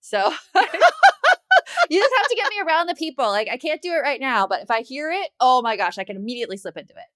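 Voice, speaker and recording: A woman co-hosting a parenting podcast, chatting casually and telling animated stories. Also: high-pitched, fast, dry recording. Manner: chatty storyteller, animated quoting. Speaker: podcast co-host. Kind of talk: casual chat.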